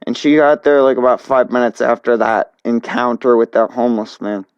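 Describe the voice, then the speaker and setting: Young male storyteller, casual, stop-start delivery, mid pitch, muffled dry recording. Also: clean tone, no echo. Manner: halting, many restarts and fillers.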